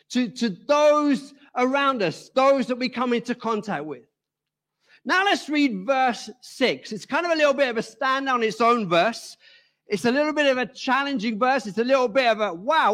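A man's voice: very high-pitched, fairly bright tone. A middle-aged man, a pastor, preaching a sermon and explaining scripture through rhetorical questions.

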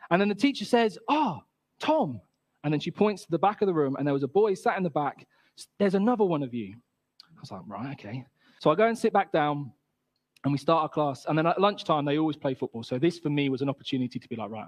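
A man, giving a talk to a gathering and telling a personal story in a casual, chatty way, acting out quotes. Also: fairly high pitch.

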